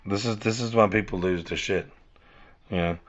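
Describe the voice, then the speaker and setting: A man's voice: on the low side, steady tone, moderate pace. Rambling man, lo-fi. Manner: rambling, repeats and restarts, cursing, addresses listeners as y'all. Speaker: podcast host. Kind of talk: casual rambling monologue. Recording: dull lo-fi recording.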